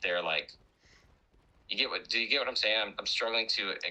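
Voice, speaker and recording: Low-voiced man with a bright edge. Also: brisk, low-quality recording. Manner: talks through ideas aloud, storytelling. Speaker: guest streamer. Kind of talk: casual chat over voice call.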